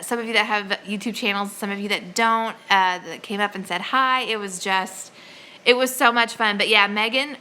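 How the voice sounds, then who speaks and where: A woman hosting a homesteading channel, chatting casually on a live stream in an excitable, rambling way with lots of fillers. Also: on the high side.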